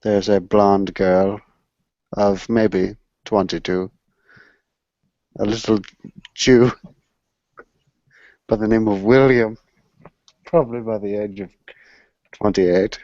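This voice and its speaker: A man speaks in a slow, mock-formal, theatrical manner while telling a story. His voice sits mid-range. The recording is dull, lo-fi and dry. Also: lowish voice, steady tone, a little mellow, no echo. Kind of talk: casual chat in a mock-refined manner.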